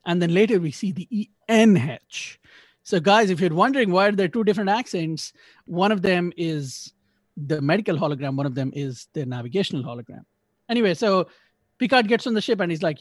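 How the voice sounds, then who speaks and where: A man's voice: sits high, lively intonation, moderate pace, no room sound. Man rambling through a casual review. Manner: rambling, self-correcting, joking asides. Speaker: podcast host. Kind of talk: casual episode review chat.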